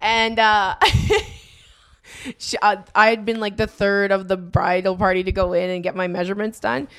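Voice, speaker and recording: A woman's voice: mid-range voice, level tone, normal speed, fairly bright tone, smooth. Chatty, laughing female podcast host. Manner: chatty, laughs easily, trailing restarts. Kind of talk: casual chat, storytelling.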